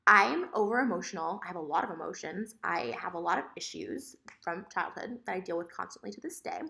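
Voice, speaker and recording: A young woman vlogging at home, telling her side of a story in a fast, animated, sassy rant. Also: lowish voice, gravelly. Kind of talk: casual vlog monologue.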